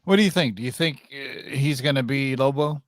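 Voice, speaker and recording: A man co-hosting a comic book podcast, chatting casually and hesitantly, with frequent pauses and fillers. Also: medium pitch, no echo, clean studio sound. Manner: hesitant, lots of fillers and restarts. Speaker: podcast co-host. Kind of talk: casual chat.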